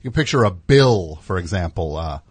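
A man's voice: low voice, lively intonation, a little fast, slightly rough, dry recording. A man hosting a radio show, rambling and riffing in casual comedic chat in a studio. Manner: rambling, riffing with put-on voices.

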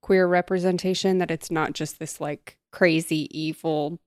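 A woman chatting through the plot of a novel with a friend, jumping into high, squeaky voices for the characters and laughing often. Her speaking voice sits a little low, and the recording is dry and close. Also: normal speed, no echo. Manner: animated retelling with squeaky put-on voices and laughter. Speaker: podcast co-host. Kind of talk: casual book recap chat.

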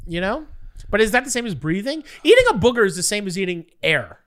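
A man in his thirties, congested with a cold, telling rambling stories in casual podcast banter and jumping into sudden high yelps. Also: sing-song, fast talker, fairly bright tone. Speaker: podcast co-host.

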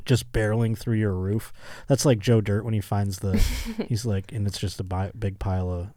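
A man's voice: on the low side, moderate pace, dark tone, no echo, clean studio sound. A man hosting a comedy podcast, reading a news story aloud and riffing on it with jokes and laughter. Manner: joking, riffs on the article, laughs often. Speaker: podcast host.

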